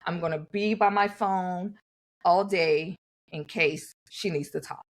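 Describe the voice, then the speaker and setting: A woman's voice: on the low side, a little slow. A woman co-hosting a podcast, talking candidly and acting out what others said to her. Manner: animated, acts out others' remarks in quotes. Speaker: podcast co-host. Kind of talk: candid conversational storytelling.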